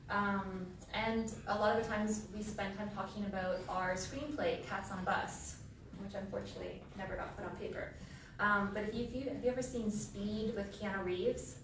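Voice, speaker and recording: A woman with a medium-pitched, slightly bright voice delivers a eulogy for her late sibling in a funeral home chapel. She shares funny personal stories in a chatty, casual style packed with filler words. She's recorded from a distance in an echoey hall with room noise.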